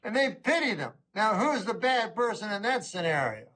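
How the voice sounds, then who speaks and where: Middle-aged male stand-up comic, rambling and deadpan, fairly high and bright-toned. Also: moderate pace. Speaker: stand-up comedian. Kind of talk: stand-up comedy routine.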